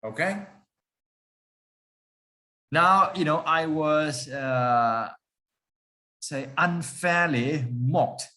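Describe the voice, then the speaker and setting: A man's voice: mid-range voice, expressive, slow, bright, forceful tone. A man lecturing a class, often stopping to put questions to the students and repeating key points for emphasis.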